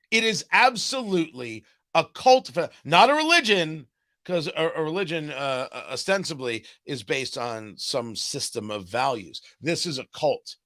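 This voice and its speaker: A man hosting a political talk show, delivering a sarcastic, mocking commentary monologue. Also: on the high side. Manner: sarcastic, animated, mocking asides.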